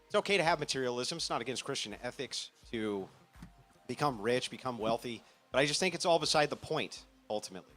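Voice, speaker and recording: A man on a panel explaining his views in an earnest, measured, moralizing way. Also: mid-range voice, expressive, fairly bright tone, faint music behind. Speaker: panel guest.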